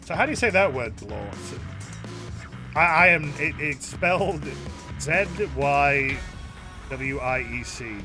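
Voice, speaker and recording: A man chatting through a gaming stream, his voice lively and rising high in loud bursts of mock outrage. He rambles and laughs at himself, and game music plays clearly behind him. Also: slow pace, long pauses. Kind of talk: casual gaming stream chat.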